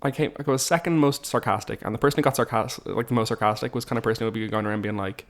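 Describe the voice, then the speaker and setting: Chatty man, podcast co-host. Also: on the low side. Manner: chatty, self-mocking, quick restarts. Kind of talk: casual chat.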